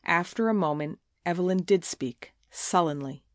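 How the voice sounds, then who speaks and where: A woman narrating a novel aloud in an even, measured reading. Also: low voice, dry recording. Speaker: audiobook narrator. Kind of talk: scripted narration. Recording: dry close recording.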